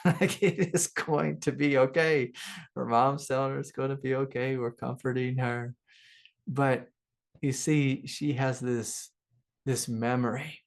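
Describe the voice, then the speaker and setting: A middle-aged man, a spiritual teacher, telling a personal story in a relaxed, rambling way with many fillers and soft laughs. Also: medium pitch. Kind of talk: relaxed satsang talk with personal stories.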